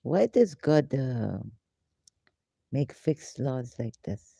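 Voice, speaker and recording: A woman hosting a casual live question-and-answer session, talking in halting, rambling, broken English with frequent fillers, and sometimes talking to herself. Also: a bass voice, big pitch swings, vocal fry, warm tone, husky, no room sound. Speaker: live Q&A host.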